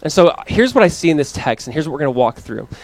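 Male pastor, 30s, conversational sermon, animated storyteller, slightly high voice, dry close mic. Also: quick pace, gravelly, no room sound.

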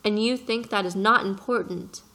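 In an audiobook reading, a woman with a medium-pitched, bright and forceful voice plays an earnest little boy prince. At a moderate pace, she has him press his questions with impassioned urgency.

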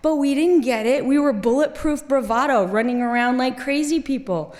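A middle-aged woman from Kuwait telling a personal story on stage, wry and lively, laughing at herself, then quiet and grave. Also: sits high, moderate pace. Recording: long hall reverb.

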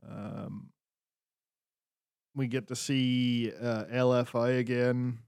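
A man talks through last week's wrestling in a loose, unhurried way, full of ums and muttered curses. His voice sits at an ordinary middle pitch. It is recorded close and dry, with no room sound around it. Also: flat delivery, darkish tone, clean tone, dry recording. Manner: laid-back, recapping with frequent fillers and swearing. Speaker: podcast co-host. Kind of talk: casual wrestling chat.

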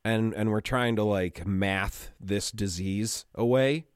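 A man's voice: fairly low pitch, slow, clear, resonant tone, dry recording, studio quality. A man chatting casually as a podcast host, swearing often, laughing, and acting out other people's voices in quotes. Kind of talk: casual chat.

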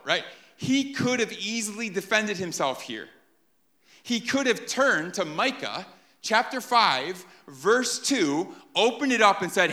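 A man preaching an animated sermon to a live congregation, often checking in with "right?". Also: high voice, unhurried. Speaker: pastor.

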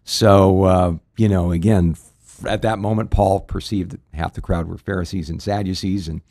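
A man co-hosting a Bible question show, explaining scripture in a relaxed, rambling way full of fillers. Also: deep voice, normal speed, no room sound, clean studio sound. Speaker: co-host answering Bible questions. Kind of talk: casual radio Bible Q&A.

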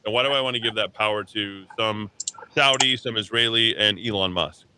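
Tired, combative low-voiced male radio host. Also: fairly quick, background noise. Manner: blunt, combative, repetitive ranting. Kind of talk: ranting political talk radio monologue. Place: radio studio. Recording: steady keyboard typing and clicks behind.

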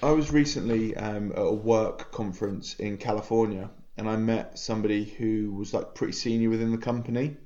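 A man's voice: lowish voice, fairly even intonation, fairly quick, few pauses, dark tone, highs cut off. A man co-hosting a casual podcast over a video call, hesitant with frequent ums and laughing at his own stories. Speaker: podcast co-host.

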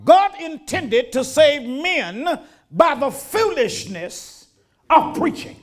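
A man's voice: very high voice, big pitch swings, slow pace. An older man, preaching a sermon in a folksy manner that rises to emphatic declarations.

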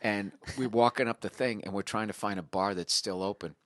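A man who is a guest comedian, telling a profane anecdote in a casual, animated podcast chat. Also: lowish voice, fairly quick, no echo, clean studio sound.

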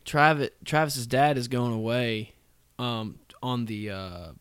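A man's voice: mid-range voice, takes it slowly, fairly bright tone, clean tone, no room sound. A young man talks in a casual chat. He tells a long story and keeps restarting his sentences. The recording is close and dry. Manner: rambling storyteller with many restarts. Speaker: podcast co-host.

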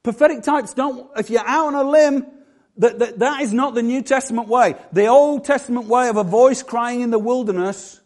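A man's voice: very high voice, normal speed, a little mellow. A middle-aged man preaching a sermon as pastor, conversational and self-deprecating.

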